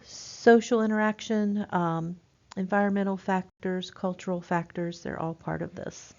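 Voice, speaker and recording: A woman teaching a nursing class in a relaxed, informal way, with lots of ums and restarts. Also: lowish voice, unhurried. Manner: informal, many fillers and restarts. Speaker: nursing instructor. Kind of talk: recorded lecture. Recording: dull lo-fi lecture recording.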